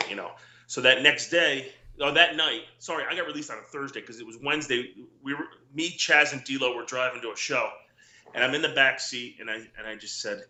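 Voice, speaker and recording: A middle-aged former wrestler, appearing as a guest in a casual storytelling interview, speaks in a very bright, forceful voice of medium pitch at a slightly quick pace. He rambles through anecdotes, restarting often and acting out quoted dialogue from the people in them. The room gives his voice a ringing echo.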